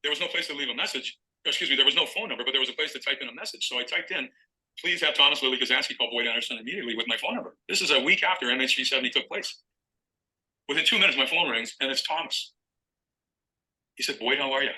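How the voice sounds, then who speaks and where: Middle-aged guy rattling off a story quick, sharp bright voice, plays out the phone calls. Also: medium pitch, low-quality recording. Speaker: guest author. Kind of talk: storytelling interview answer.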